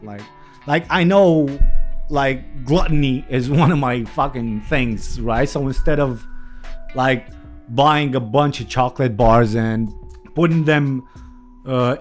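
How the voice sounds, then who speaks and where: A man delivering a candid vlog monologue as a heated, profane, emphatic rant. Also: medium pitch. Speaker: vlogger.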